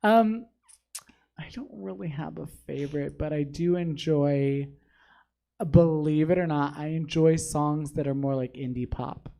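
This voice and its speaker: A man's voice: a little high, measured pace, creaky, warm tone. A man who is a drag performer and a guest in a casual studio interview, candid, dry and often laughing. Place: studio in a comedy theater.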